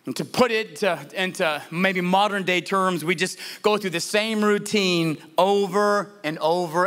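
Pastor, male, high and bright, conversational sermon delivery with restarts. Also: a little slow, few pauses. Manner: conversational preaching with frequent restarts and rhetorical questions.

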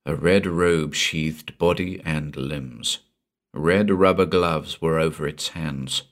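A male narrator reads a pulp horror tale at a slow, deliberate pace, lingering on each dark detail. His voice is low and deep, and he keeps the suspense with a measured, even delivery. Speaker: audiobook narrator. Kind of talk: dramatic audiobook narration.

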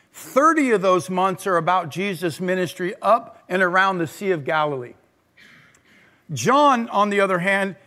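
A male pastor preaching an energetic sermon to a congregation, calling on them to respond. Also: sits high. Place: church service.

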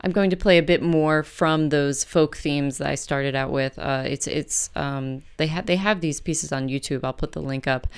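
A woman hosting a music program, casually retelling a folk tale between pieces in a chatty, relaxed way. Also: low voice, moderate pace, hardly any pauses, clear, resonant tone. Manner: chatty, relaxed, with fillers and self-corrections.

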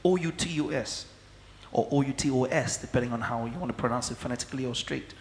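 A male pastor, preaching a teaching sermon in a slow, emphatic way and often checking that listeners follow. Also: medium pitch, a little hiss or hum. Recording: echoey hall with long reverb.

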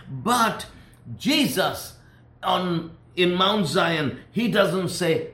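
A man's voice: on the high side, expressive, takes it slowly, creaky. Fervent preacher man in an echoey room. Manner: fervent, rising to emphatic peaks and dropping to hushed warnings. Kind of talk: sermon.

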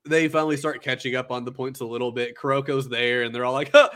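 A man's voice: medium pitch, level tone, fast, a bit bright. Rambling man recapping a film. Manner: rambling, filler-heavy storytelling. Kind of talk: casual chat recapping an anime film.

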